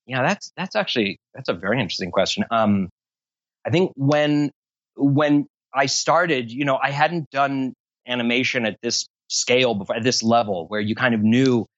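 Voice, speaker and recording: A man's voice: mid-range voice, normal speed, a bit bright, no room sound. Long-winded man in a dull dry recording. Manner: rambling, long-winded, self-deprecating humor. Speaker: voice actor interview guest. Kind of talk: casual interview talk.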